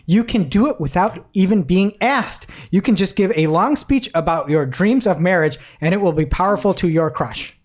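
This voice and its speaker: A woman hosting a casual news podcast, her voice sitting on the lower side. Her pitch swings widely as she chats, and she often breaks into laughter while reading quotes aloud. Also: expressive, normal speed, few pauses, a little mellow. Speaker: podcast co-host.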